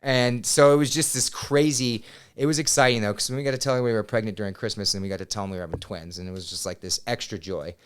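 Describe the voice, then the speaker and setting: Man, thirties, podcast guest; smooth clear voice, animated storyteller. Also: fairly low pitch, fast. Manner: animated, swears, quotes himself loudly. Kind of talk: casual storytelling. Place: podcast studio.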